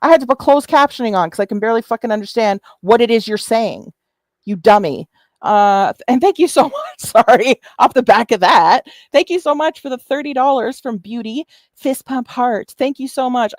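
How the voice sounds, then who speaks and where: A woman's voice: on the high side, fairly quick, darkish tone, no echo. Combative woman, dry close sound. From Canada. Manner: combative, profane, sarcastic. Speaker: YouTube commentary host. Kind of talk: reaction commentary livestream.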